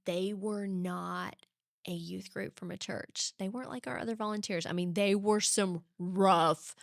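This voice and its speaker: A woman's voice: mid-range voice, steady tone, unhurried, gravelly, no echo, clean studio sound. A woman guest in an interview, telling stories with animation and acting out the voices of the people in them. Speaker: guest author. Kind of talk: conversational storytelling interview.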